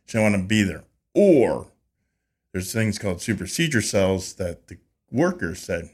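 A man with a somewhat low voice tells a story in a relaxed, conversational way. He slips into lively voices for quoted dialogue and often restarts or repeats words as he goes. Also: normal speed, husky. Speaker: podcast guest, beekeeper.

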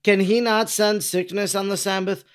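A man reading the lines of an earnest male healer who rebukes his critics in slow, solemn questions. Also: high-pitched, little pitch movement, clear, resonant tone, pitched above the performer's own voice, close to an everyday voice. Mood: admonishing. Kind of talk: dramatic reading of dialogue.

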